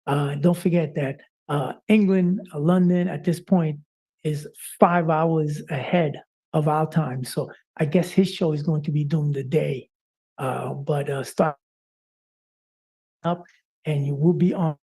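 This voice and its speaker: A man's voice: fairly high pitch, fairly even intonation, a little slow, warm tone, breathy edge. A man co-hosting a live-streamed talk show, speaking in an impassioned, preacher-like way with frequent "uh" fillers.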